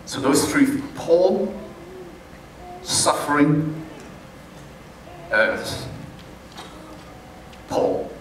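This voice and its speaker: A man preaching a sermon as pastor, deliberate and playful, chuckling as he makes his points. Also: on the high side, sing-song, a little hiss or hum. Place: large church hall. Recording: very echoey hall, mic far off.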